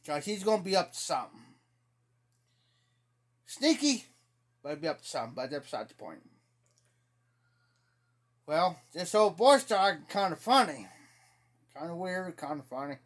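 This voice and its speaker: A man's voice: fairly high pitch, very animated, moderate pace, pauses often, a bit bright. Folksy man telling a rambling story. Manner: rambling, folksy, laughs at his own story. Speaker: live stream host. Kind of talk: casual storytelling.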